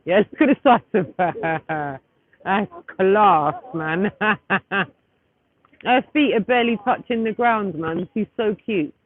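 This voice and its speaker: A woman's voice: mid-range voice, slow pace. A woman in her thirties chatting casually on a live stream, rambling and breaking off to fiddle with her phone, outdoors at a street gathering. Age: 30s. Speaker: livestreamer. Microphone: phone camera. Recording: tinny phone-like audio with faint noise.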